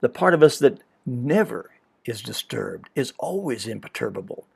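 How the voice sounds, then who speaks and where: A man's voice: medium pitch, big pitch swings, moderate pace, vocal fry, breathy edge. A man hosting a reflective spiritual talk in a conversational way, now and then acting out imagined back-and-forth dialogue. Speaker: host.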